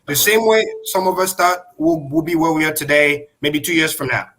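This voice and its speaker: A man's voice: fairly high pitch, moderate pace, a bit bright. A man hosting a crypto livestream, explaining emphatically and repeating key points. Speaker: host.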